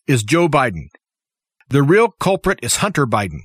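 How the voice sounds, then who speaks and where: A man's voice: medium pitch, big pitch swings, normal speed, breathy edge, no room sound. A man giving an impassioned, opinionated political commentary monologue as a talk show host, full of rhetorical questions. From United States.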